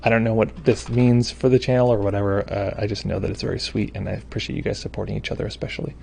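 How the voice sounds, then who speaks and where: A man's voice: fairly low pitch, little pitch movement, quick pace, creaky, darkish tone, slight background noise. A man who hosts a meditation livestream, chatting casually from home as he reads viewer comments, rambling, stumbling over names and gushing with thanks. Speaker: meditation teacher hosting a livestream.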